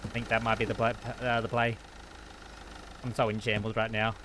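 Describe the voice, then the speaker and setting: A young man streaming a shop game, talking fast and frazzled to his customers and himself. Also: lowish voice, completely flat delivery, background noise. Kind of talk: live-streamed gameplay commentary.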